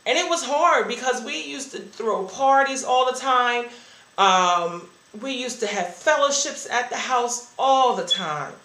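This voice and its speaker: A woman's voice: on the high side, unhurried, bright, forceful tone. Earnest woman in an echoey room. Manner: candid and earnest. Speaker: church member sharing a testimony. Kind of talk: personal testimony.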